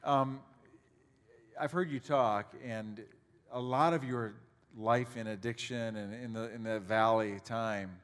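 A man's voice: medium pitch, fairly even intonation, takes it slowly. A male pastor interviewing a guest onstage, asking casual questions with brief affirmations. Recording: long reverb of a large hall.

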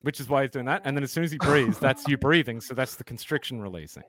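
A man's voice: mid-range voice, quick pace, a bit bright. A man with a damaged voice, a podcast guest explaining in casual, swearing chat. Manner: swears freely, earnest and explanatory.

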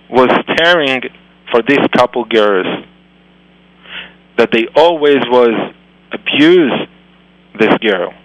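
A man, a rabbi telling a moral story in halting, phrasing. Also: medium pitch, fairly bright tone, no echo, low-quality recording. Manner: slow, halting non-native phrasing. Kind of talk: storytelling lecture.

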